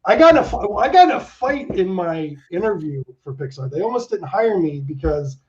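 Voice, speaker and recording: A man around fifty telling stories as an interview guest, animated and swearing, acting out the people he quotes. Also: high-pitched, moderate pace. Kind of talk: casual interview storytelling. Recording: dull lo-fi sound.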